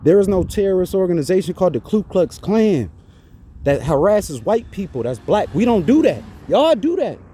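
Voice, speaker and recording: A man's voice: high voice, sing-song, moderate pace, warm tone, breathy edge. A man ranting indignantly to his phone camera outside a church, preachy and repetitive. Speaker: vlogger.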